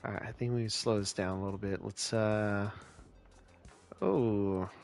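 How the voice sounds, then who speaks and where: A man from California talks his way through a live game stream, relaxed and chatty as he answers viewers. His voice sits low and gravelly, and he takes his time with every phrase. Quiet music plays underneath. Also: measured pace. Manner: laid-back, chatty, answers chat questions. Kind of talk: casual live-stream commentary while playing.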